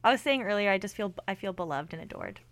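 A woman's voice: mid-range voice, animated, fast talker, a bit bright, dry recording. A young woman guesting on a radio show, chatting casually, gushing and giggling.

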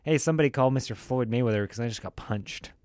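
A man's voice: medium pitch, fast, darkish tone, dry recording, clean studio sound. A man co-hosting a podcast, tossing in silly, jokey asides during casual banter. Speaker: podcast co-host.

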